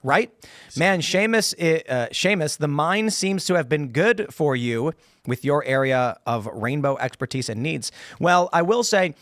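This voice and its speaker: Lively man hosting a studio panel chat. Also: on the high side, no echo. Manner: animated storyteller, quick and jokey. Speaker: show host. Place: podcast studio.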